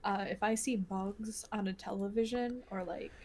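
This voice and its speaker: A woman's voice: medium pitch, steady tone, normal speed, a little mellow. A woman co-hosting a podcast in casual chat, rambling with many fillers and restarts. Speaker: podcast co-host.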